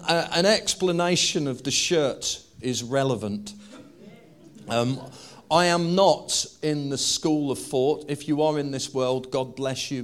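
A man preaching a humorous sermon to a live congregation. He jokes and then builds to loud, emphatic declarations. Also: mid-range voice.

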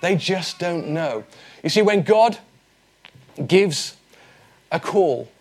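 Earnest preacher, slightly high voice. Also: male voice, animated, takes it slowly, slightly rough. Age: 40s. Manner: conversational, earnest, with light humor. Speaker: pastor. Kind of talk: sermon.

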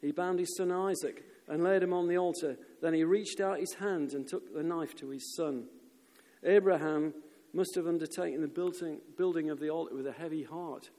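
Male preacher, lively storytelling sermon, reverberant church recording. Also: on the high side, normal speed. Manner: animated storyteller, shouts quoted crowds. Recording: long reverb of a church hall.

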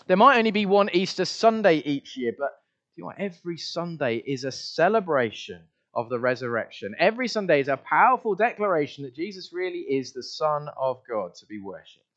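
A man preaching a sermon in an emphatic voice, repeating refrains and shifting his loudness widely. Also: on the high side, very animated, a little fast, lo-fi sound.

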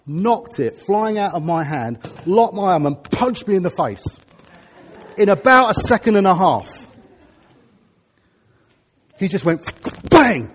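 A middle-aged man preaching a sermon, telling stories in an animated way with sudden loud bursts. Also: sits high, a little hiss or hum.

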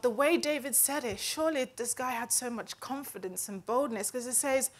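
A woman with a higher-pitched voice talks at normal speed, barely pausing. She's giving a chatty, sincere Bible teaching as a conversational devotional, repeatedly adding "right?" to check in.

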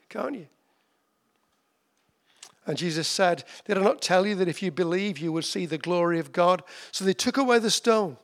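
A man preaching a sermon, his voice pitched high for a man with a gravelly, creaky edge. He talks to his listeners conversationally, then slows right down to hammer home repeated phrases. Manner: conversational, with slow emphatic repetitions.

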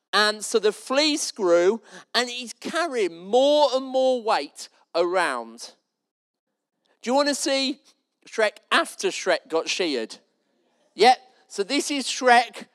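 Conversational male preacher telling stories. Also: sits high. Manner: storytelling, conversational and jokey. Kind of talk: sermon. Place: church.

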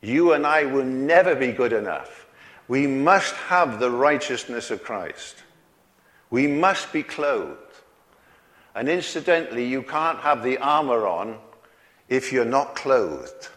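A man's voice: mid-range voice, animated, takes it slowly, a bit bright. A man preaching a sermon in a folksy way, chuckling often and asking the congregation questions. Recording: long hall reverb.

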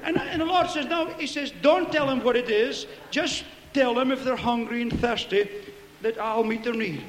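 A man preaching a fervent Pentecostal sermon, telling stories and shouting hallelujahs. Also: very high voice, normal speed, echoey room, long reverb tail, slight background noise. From Scotland.

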